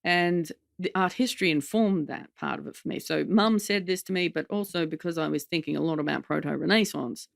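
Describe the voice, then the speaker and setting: A woman's voice: sits low, a little fast, gravelly, hardly any pauses, dry recording, studio quality. A woman, a comedian guest telling stories in a candid podcast conversation, often slipping into impressions of others. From Australia. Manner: lively storytelling, slips into impressions of others.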